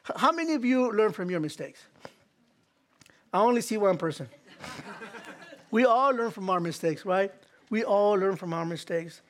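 A man preaching a sermon as pastor, earnest and repetitive, stumbling into restarts and acting out short quoted prayers. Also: high voice. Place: church hall.

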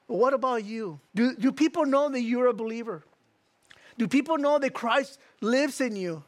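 A man preaching a sermon as pastor, reading scripture slowly and asking the listeners direct questions. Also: very high voice, dry recording. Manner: emphatic, slows down to read scripture, asks the crowd direct questions.

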